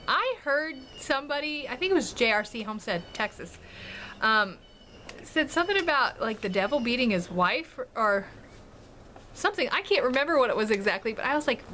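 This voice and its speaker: Bright, chatty woman vlogger. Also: on the high side, very animated, normal speed, a little hiss or hum. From Washington DC and Maryland area. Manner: chatty, laughing often, rambling anecdotes. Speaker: family vlogger. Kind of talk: casual chat to camera.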